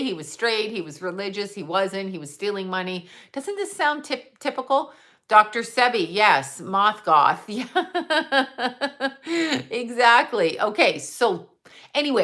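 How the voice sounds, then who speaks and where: Woman, casual livestream chat, bright tone, animated rambling, blunt and profane. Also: medium pitch. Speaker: psychic medium livestream host. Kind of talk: casual live-stream chat.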